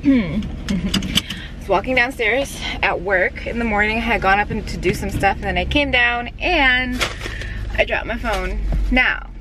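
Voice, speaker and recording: A woman's voice: a little high, measured pace. A woman talking to her viewers in a casual vlog, chatty and full of "like" and "um". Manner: chatty, many "like"s and "um"s. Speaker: beauty and lifestyle vlogger. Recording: noisy background.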